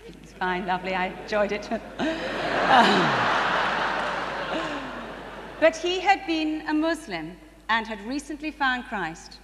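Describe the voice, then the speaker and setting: A woman telling church stories in sermon style, animated and quick to laugh. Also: on the high side, a crowd in the background. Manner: animated, laughs often, rising to bursts of excitement. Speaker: speaker at a church conference. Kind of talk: sermon-style testimony storytelling. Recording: distant reverberant hall recording with faint ambient noise.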